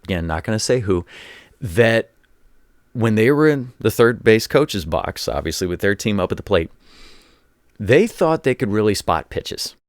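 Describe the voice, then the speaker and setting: A man's voice: on the low side, big pitch swings, normal speed, dry recording, clean studio sound. A man hosting his own show, telling casual sports stories as a former college coach, rambling and often repeating his words. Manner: rambling, repeats words, acts out quoted voices. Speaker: show host. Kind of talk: casual commentary monologue.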